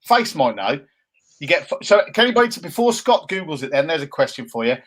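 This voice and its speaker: A man with a slightly raised pitch, talking casually on a chat show. He teases his co-host in playful banter and rambles through half-remembered details. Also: sing-song, fast, fairly bright tone. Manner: jokey banter, playful mocking impressions. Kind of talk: casual chat with live viewers.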